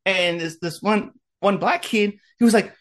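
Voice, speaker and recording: At normal speed and with a voice that sits high, this late-thirties man chats in a casual rant while recovering from an ear infection. Crude and rambling, he runs himself down and drifts into mock quotations of others.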